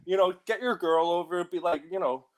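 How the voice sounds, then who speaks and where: A man's voice: sits high, fairly quick. A man who grew up in the United Kingdom, co-hosting a podcast in casual chat and laughing through the banter. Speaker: podcast co-host.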